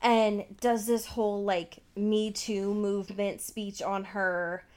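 A woman's voice: medium pitch, takes it slowly. A woman in casual chat, retelling a show's scenes with lots of swearing and filler words. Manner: animated storytelling with frequent swearing and "like" fillers. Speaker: podcast co-host recapping a TV show.

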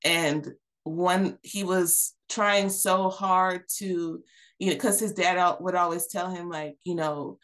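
A woman's voice: on the low side, steady tone, takes it slowly, fairly bright tone. A woman in her thirties, a podcast guest, talking earnestly and reflectively with many fillers and restarts. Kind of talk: candid personal conversation.

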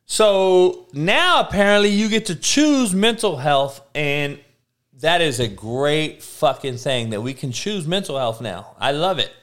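A middle-aged man rants with blunt sarcasm and constant profanity. His pitch swings widely, but he takes his time, stumbling over repeated words before pushing on. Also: expressive, unhurried, fairly bright tone. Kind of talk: profane rant.

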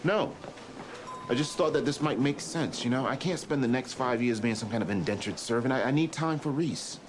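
A man's voice: mid-range voice, lightly acted. Actor playing a defensive young-father doctor. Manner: halting, apologetic then defiant. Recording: TV drama clip with background noise.

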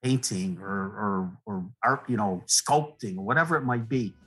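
A middle-aged man, a guest poet, talking in a rambling, earnest way, with many restarts and soft laughs. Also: fairly low pitch, normal speed, husky, faint music behind, low-quality recording. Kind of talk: relaxed conversational interview.

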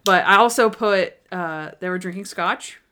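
A woman's voice: on the low side, moderate pace, pushed and bright. A woman co-hosting a podcast, chatting casually and laughing often as she retells scenes from an episode, acting out the characters' lines. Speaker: podcast co-host. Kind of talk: casual chat recapping a TV episode.

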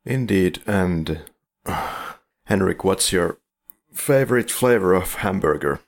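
A man's voice: low-pitched, takes it slowly, vocal fry. A man co-hosting a film podcast in casual chat, wry and leading the questions. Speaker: podcast co-host.

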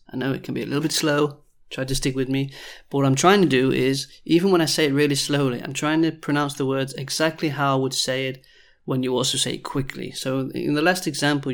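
A man with a gravelly, creaky voice runs a language lesson. He repeats each phrase slowly and carefully, sounding out every word. Between drills he explains things in a loose, casual way. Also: mid-range voice. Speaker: language teacher.

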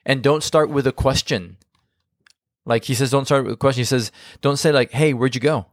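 A man co-hosting a marriage podcast, giving casual advice in an animated, emphatic way and often restarting his sentences. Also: mid-range voice, moderate pace, no room sound, studio quality.

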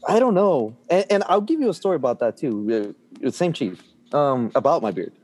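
A man telling a workplace story in casual conversation, animated and swearing freely. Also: mid-range voice, brisk. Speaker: guest.

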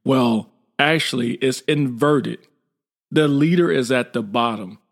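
A man's voice: mid-range voice, a little slow. A middle-aged man, a military veteran, tells a story in a casual, blunt and informal way. He livens it up by acting out the dialogue in it. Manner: lively, acts out quoted dialogue.

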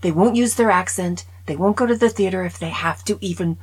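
A woman's voice: fairly low pitch, brisk, a little mellow, breathy edge, low-quality recording. A woman chatting casually in her own video movie review, opinionated and dropping often into whispers.

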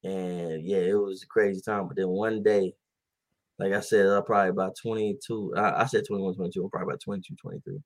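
This is a young man in his twenties, co-hosting a casual podcast. He tells stories in loose slang and laughs easily. His voice sits a little low. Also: fairly even intonation, quick pace. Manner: laid-back, laughs often, slangy storytelling. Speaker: podcast co-host. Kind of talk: casual chat.

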